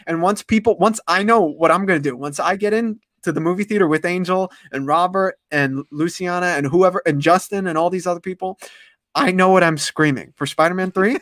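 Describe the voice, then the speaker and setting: A man co-hosting a movie podcast, chatting casually in a relaxed, playful way. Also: high voice, a little fast, dry recording, clean studio sound. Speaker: podcast co-host.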